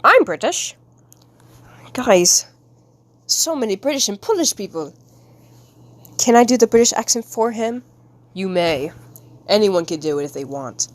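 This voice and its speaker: Her voice is mid-range and darkish, animated, at a moderate pace with long pauses. She's a streamer drawing on a live stream, chatting casually with viewers and giggling through silly rambles.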